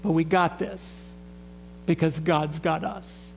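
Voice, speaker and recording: A man's voice: a little high, fairly even intonation, slow pace, creaky, a little hiss or hum, low-quality recording. A man preaching a sermon in a church in a conversational way, asking the congregation to respond. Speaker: pastor. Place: church sanctuary.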